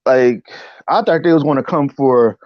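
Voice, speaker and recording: A man telling a personal story as an interview guest in casual speech, animated and often saying "you know what I'm saying". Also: medium pitch, normal speed, no echo, dull audio. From United States. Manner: acts out voices in quotes.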